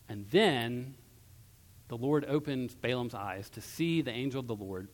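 A male pastor preaching a sermon in a church, retelling a story in a conversational way with a quiet close. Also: mid-range voice, expressive, moderate pace. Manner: conversational storytelling, dropping softer at ends of phrases. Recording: long hall reverb.

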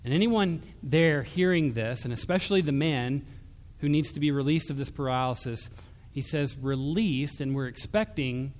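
A man preaching a sermon in an earnest, emphatic way, dropping soft and low when he quotes. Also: moderate pace, few pauses, big-room sound.

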